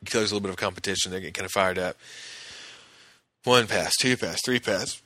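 A man's voice: low-pitched, fairly quick, sharp tone, dry recording. A man hosting a podcast, casually recapping a TV episode scene by scene and quoting the characters in his own voice.

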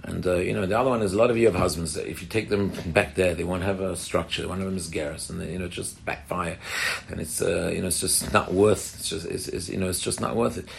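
Deep gravelly man giving a Torah talk. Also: steady tone, fast talker, slight background noise. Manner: earnest, repeats and restarts phrases, explains plainly. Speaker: rabbi giving a talk to women. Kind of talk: Torah talk with audience questions.

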